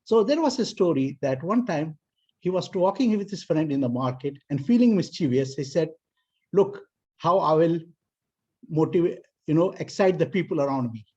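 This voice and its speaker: A man from South Asia giving a formal speech to a club as area director, weaving in an animated story. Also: moderate pace, breathy edge. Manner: animated storyteller, voices characters in higher pitch. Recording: dull lo-fi video call audio.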